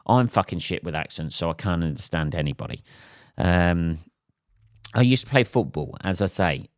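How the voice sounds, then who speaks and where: Home late at night after a gig, a deep-voiced English man records his comedy podcast solo. His clear, resonant voice rambles loosely, sweary and self-deprecating, full of ums and side tangents. The sound is close and dry, with no room echo.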